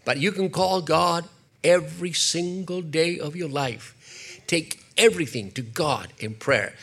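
An older man preaching a sermon, animated, slipping into acted quotes and jokey asides. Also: a little high, a little slow, vocal fry. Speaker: pastor.

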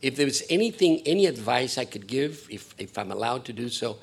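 A male pastor delivers a sermon in a gravelly, husky voice. He rambles and pokes fun at himself, dropping to hushed asides before rising into loud, emphatic lines. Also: medium pitch, sing-song, brisk. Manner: rambling, self-deprecating, swings from hushed to emphatic.

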